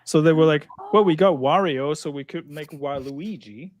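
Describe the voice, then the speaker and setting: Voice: medium pitch, normal speed, darkish tone, no room sound, lo-fi sound. A guest panelist on a live stream, chatting casually and joking, often drifting into trivia.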